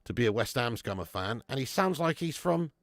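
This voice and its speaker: With a medium-pitched, expressive voice and a fairly quick pace, a man hosts a live football watch-along, reading chat and talking casually with viewers. He swears, laughs a lot and calls everyone "mate," and there's no echo.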